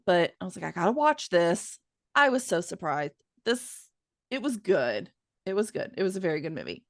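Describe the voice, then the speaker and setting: An excitable woman in her thirties co-hosting a casual podcast chat. Her pitch swings widely as she talks, with plenty of fillers. The recording is dry and close. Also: moderate pace, dry recording. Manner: animated, excitable, many fillers. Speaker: podcast co-host.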